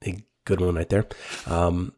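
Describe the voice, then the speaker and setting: A man's voice: sits low, little pitch movement, measured pace, a little mellow. A young man co-hosting a casual movie podcast, rambling with many fillers and restarts. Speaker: podcast co-host. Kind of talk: casual chat.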